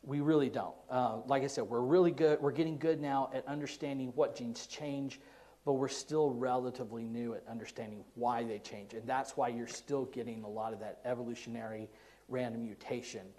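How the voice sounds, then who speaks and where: A man's voice: medium pitch, steady tone, a little fast, mellow. An American man answering audience questions in a casual, rambling talk, chuckling now and then. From United States. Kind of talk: live Q&A talk.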